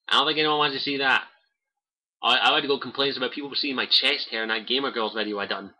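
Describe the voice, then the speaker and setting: Young Scottish guy hosting a home livestream, sharp bright tone, loose and sweary, cheap mic. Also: mid-range voice, fairly even intonation, fast talker, poor audio. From Scotland. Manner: rambling, swears freely, many fillers. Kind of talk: casual livestream chat. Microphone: cheap desk mic by keyboard.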